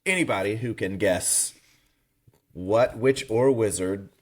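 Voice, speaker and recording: A man co-hosting a casual book discussion podcast, talking in an animated, emphatic way and reading quotes aloud. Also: on the low side, slow. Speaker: podcast co-host.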